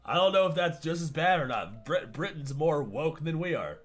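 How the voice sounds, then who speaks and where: A man hosting a live reaction stream, ranting loudly, swearing and laughing as he talks. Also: on the high side, expressive, normal speed, soft background music. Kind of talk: casual reaction stream commentary.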